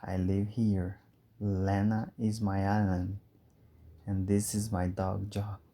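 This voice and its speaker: Sad island owner in a storybook, read by a man, low dark voice, slow and calm.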